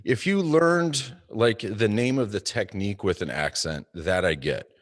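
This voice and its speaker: Deep-voiced American man co-hosting a chat. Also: a little slow, no echo, studio quality. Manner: thoughtful, hedging, animated when making a point. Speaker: co-host. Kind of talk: casual panel discussion.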